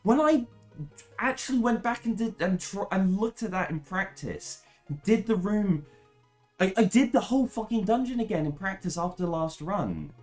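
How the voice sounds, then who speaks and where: A young woman speedrunning a game, commentating live, swearing freely and ranting in frustration before rushing into technical explanations. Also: medium pitch, animated, a little mellow, faint music behind. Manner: swears a lot, rants in frustration, then explains in a rush.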